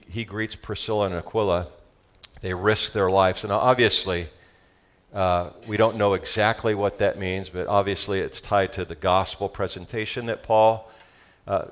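A male pastor with a Southern California accent preaching a sermon, animated and joking with his congregation. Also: fairly low pitch.

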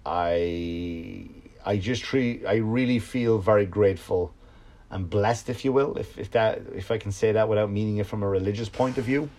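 Man telling a rambling profane story. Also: moderate pace. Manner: animated, profane, swings between loud outbursts and low mutters. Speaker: stand-up comedian and podcast host. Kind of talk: casual storytelling monologue.

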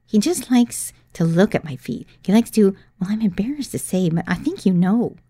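A woman voicing an eager but embarrassed woman in a business suit, who talks haltingly. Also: medium pitch, animated, dark tone, dry recording, studio quality, close to an everyday voice. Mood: confiding.

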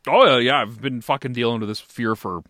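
A podcast co-host gripes about sports in casual chat, his humor sardonic and profane. His mid-range voice is fairly bright and a little fast. The recording is studio quality with no room sound.

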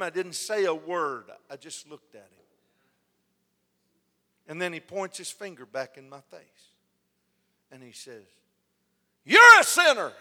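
A man preaching a sermon, telling a story with lively delivery and acting out the lines of the people in it. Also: high voice. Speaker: pastor. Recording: long hall reverb.

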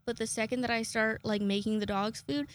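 A woman's voice: steady tone, fairly quick. Rambling, sweary young woman vlogger. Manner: rambling, sweary, self-mocking, breaks into high-pitched acted quotes. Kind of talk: casual chat to camera.

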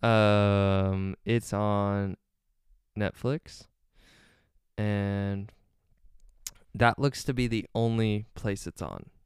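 Young man, podcast host, casual rambling chat, slow pace, very clear voice, dry close mic. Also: fairly low pitch, fairly even intonation, no room sound. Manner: rambling, easily sidetracked, frequent ums.

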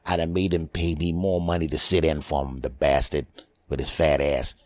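A man voicing a gruff, rude hired male impressionist who insults the audience in a comedy podcast sketch. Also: very deep voice, little pitch movement, normal speed, darkish tone, pitched below the performer's own voice. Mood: grumbling. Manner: surly and dismissive.

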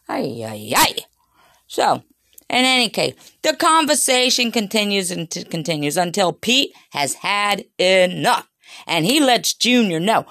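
Gravelly, foul-mouthed woman storyteller. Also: medium pitch, fairly bright tone, dry recording, clean studio sound. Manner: crude, chatty, addresses listeners. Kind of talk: casual audio storytelling.

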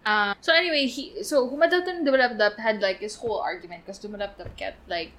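Animated woman retelling an old epic. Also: medium pitch, fast talker, slight background noise. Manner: animated, laughing, acts out characters' lines. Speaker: podcast co-host retelling an epic. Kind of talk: casual chat, storytelling.

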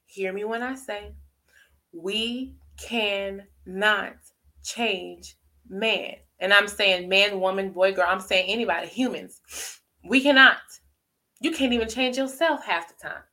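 A woman's voice: a little fast, few pauses. A woman preaching a sermon, emphatic, often asking "right?" and swooping up for emphasis. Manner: swoops high for emphasis, drops soft.

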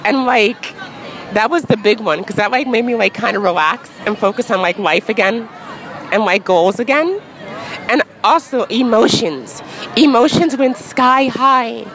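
A woman in her thirties speaking frankly in a casual street interview, full of "like" and quick laughs. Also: fairly high pitch, fairly bright tone, low-quality recording. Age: 30s. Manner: frank, chatty, peppered with "like" and laughs. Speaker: interview guest. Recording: crowd noise outdoors.

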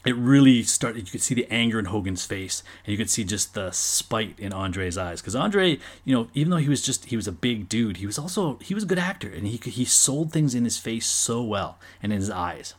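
A middle-aged man telling a story in a casual monologue, animated and swearing freely, now and then acting out loud bursts. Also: fairly low pitch, fairly quick, few pauses, breathy edge. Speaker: storyteller recalling watching wrestling as a kid.

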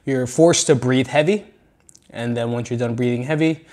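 A man hosting a solo podcast, speaking frankly and with lots of swearing, rambling between low mutters and loud venting. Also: moderate pace. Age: adult with children. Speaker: podcast host. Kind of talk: solo podcast monologue on anger.

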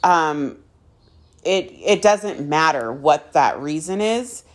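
A woman in her thirties hosting a podcast, candidly telling a personal story in a halting way, with frequent ums and restarts. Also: deep voice, animated. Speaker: podcast host.

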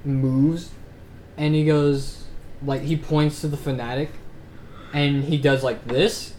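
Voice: mid-range voice, steady tone, takes it slowly, a little mellow, a little hiss or hum. A game master narrating a tabletop game in loose, rambling speech full of fillers.

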